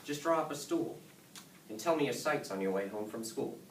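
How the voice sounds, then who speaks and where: A man reading the lines of a stern, calm father who quizzes his son, recorded in an echoey room from a distance. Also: medium pitch, normal speed, slight background noise, lightly acted.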